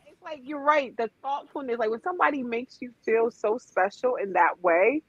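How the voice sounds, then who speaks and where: A woman in casual conversation, her voice a little high. She rambles chattily and laughs often. The sound is dry and close. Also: normal speed, breathy edge, no room sound, highs cut off. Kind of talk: casual chat.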